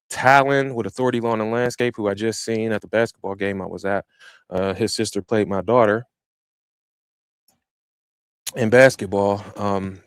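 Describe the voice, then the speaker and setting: A man hosting a lawn care podcast, chatting casually from his own small studio. He talks with energy and street slang, and his voice jumps between loud hype and quieter asides. The sound is dry and close to the mic. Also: lowish voice, smooth, no echo. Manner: animated storytelling with slang and shifts in loudness. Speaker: podcast host. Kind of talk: casual chat. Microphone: studio microphone he operates himself.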